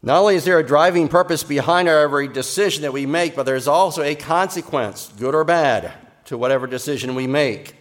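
A man delivering a Sunday sermon, earnest and measured. His voice sits a little on the high side, and he leans on repeated phrases to drive his points home. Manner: soft, slow closing prayer. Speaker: pastor.

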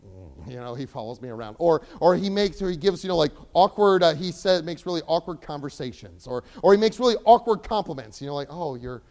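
A young man preaching a sermon, animated, swinging between loud emphasis and quiet asides. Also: a little high, fast talker, few pauses. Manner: acts out voices of characters in the sermon.

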